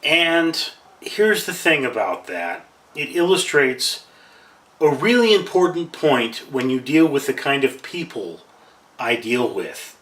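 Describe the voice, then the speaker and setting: A man talks straight to his camera in a rambling, self-deprecating monologue. His voice is bright and forward. He sits back from the mic in a roomy, echoing space. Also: medium pitch, recorded from a distance. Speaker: vlogger.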